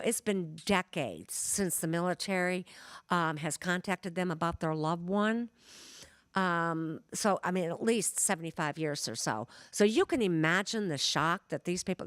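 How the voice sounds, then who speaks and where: A woman's voice: fairly low pitch, a bit bright, dry recording, clean studio sound. A woman from Michigan with a Midwestern accent, giving a chatty, storytelling lecture as a genealogist. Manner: chatty, storytelling, with many fillers. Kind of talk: conversational lecture.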